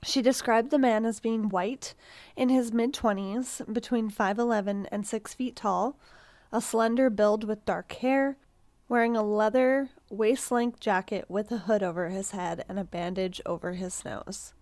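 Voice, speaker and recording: A woman narrates a true-crime case for a podcast in a loose, conversational way. Her voice sits at an ordinary middle pitch. The sound is dry and close. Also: fairly even intonation, measured pace, darkish tone, dry recording. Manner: chatty, reads quotes aloud, laughs, swears casually. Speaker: podcast co-host.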